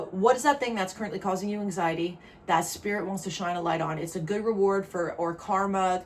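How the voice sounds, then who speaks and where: A woman from New Jersey chatting casually through a tarot reading, rambling with quick asides. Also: fairly low pitch, a little hiss or hum. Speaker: tarot reader.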